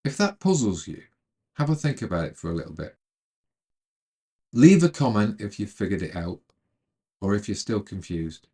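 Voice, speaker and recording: A man narrating a retelling of a film's plot in a calm, measured way, then adding his own commentary. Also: on the low side, husky. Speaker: storyteller retelling a film.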